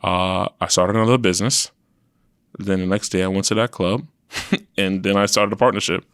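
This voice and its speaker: A man's voice: low-pitched, moderate pace, no room sound, studio quality. A young man from Queens with a New York accent, telling blunt, profane stories as a podcast guest and acting out what people said. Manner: blunt, profane storytelling with lively put-on quotes. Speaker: podcast guest, event promoter. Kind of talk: casual interview chat.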